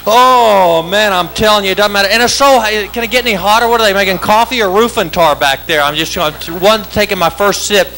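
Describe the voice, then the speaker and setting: A man doing a stand-up comedy routine on a club stage, wired and chanting words in rapid-fire repetition. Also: high voice, sharp tone, a little hiss or hum, poor audio. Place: club stage with live audience.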